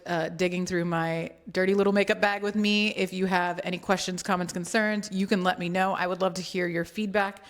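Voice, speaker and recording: A woman vlogger casually walking through her travel bag in a playful, chatty way with joking asides. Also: on the low side. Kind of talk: casual chatty product walkthrough.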